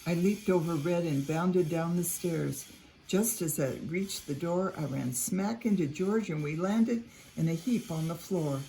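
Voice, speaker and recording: An older woman reading a children's story aloud, narrating in the first person with an expressive, unhurried delivery. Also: on the low side, vocal fry, slight background noise, low-quality recording.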